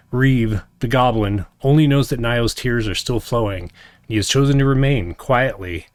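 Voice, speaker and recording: A man hosting and narrating a solo tabletop game on a stream in a slow, deliberate storytelling voice. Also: lowish voice, no echo. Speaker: game master and host.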